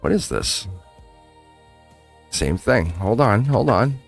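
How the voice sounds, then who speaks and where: A man's voice: lowish voice, slow pace, vocal fry, slightly rough, soft background music. A man reading tarot on a live stream, chatting casually and addressing viewers directly with frequent laughs. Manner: animated, chatty, laughs often, talks straight to viewers.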